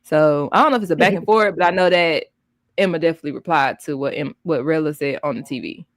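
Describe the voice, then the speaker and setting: Woman recapping a reality show on a stream, low-ish voice, dry sound. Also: fast talker, dry recording. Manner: chatty, recaps episodes, trails off and restarts. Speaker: livestream co-host. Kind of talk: casual livestream chat.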